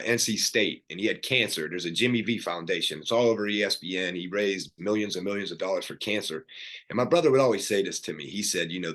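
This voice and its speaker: Middle-aged man, low voice, earnest podcast guest recounting his past with fillers and restarts. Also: fairly bright tone. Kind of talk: personal story in casual conversation.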